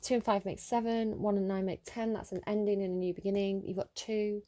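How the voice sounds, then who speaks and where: A woman giving a casual tarot reading, thinking aloud with many ums and restarts and growing excited over the cards. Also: mid-range voice, fairly quick, dry recording. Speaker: tarot reader.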